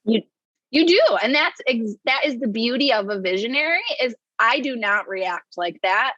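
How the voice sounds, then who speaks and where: A woman's voice: a little high, expressive, moderate pace, pushed and bright, no echo, muffled recording. A woman in a casual business chat, explaining her work in a chatty way, laughing often. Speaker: business integrator, co-host.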